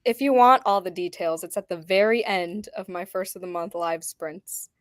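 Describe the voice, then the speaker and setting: A woman chatting on a video call in a relaxed, teasing way, swearing casually. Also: lowish voice, normal speed, no echo, clean studio sound. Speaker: booktube host. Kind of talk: casual chat.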